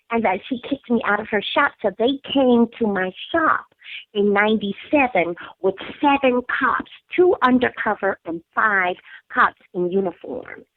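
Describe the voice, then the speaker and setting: A woman's voice: medium pitch, dry recording. Emphatic middle-aged woman on a phone line. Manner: emphatic, animated storyteller acting out quotes. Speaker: guest, hair braider and school founder. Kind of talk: phone-in interview storytelling. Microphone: telephone. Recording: tinny dry phone line.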